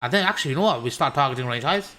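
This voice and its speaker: A man's voice: medium pitch, expressive, very fast, pushed and bright. Brummie man talking through trading charts. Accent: Birmingham. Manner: chatty, joking asides, swears at chat. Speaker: crypto trading streamer. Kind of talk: casual live-stream chart analysis. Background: washing machine noise.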